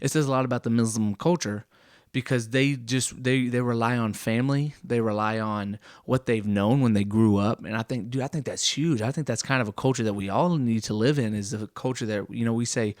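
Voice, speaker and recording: A young man doing an absurd deadpan comedy monologue, rambling with many fillers and self-corrections. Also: mid-range voice, a little fast, no room sound, studio quality.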